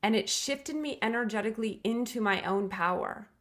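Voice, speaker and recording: A woman's voice: a little high, moderate pace, fairly bright tone. A middle-aged woman, a podcast guest, telling a personal story in an earnest, reflective way with emphatic restarts.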